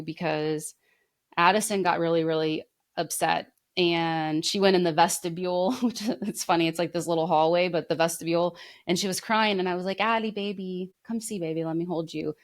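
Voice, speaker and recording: A woman's voice: fairly low pitch, steady tone, normal speed. A young woman co-hosting a podcast, telling long heartfelt stories in casual chat, full of fillers. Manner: rambling, heartfelt storytelling with many fillers. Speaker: podcast co-host.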